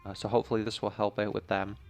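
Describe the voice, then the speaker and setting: A man's voice: on the low side, little pitch movement, very fast, gravelly, darkish tone, faint music behind. A man commenting on a video game as he plays, chatty and jokey, thinking aloud about his moves. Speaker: gaming channel host. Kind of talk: let's play commentary.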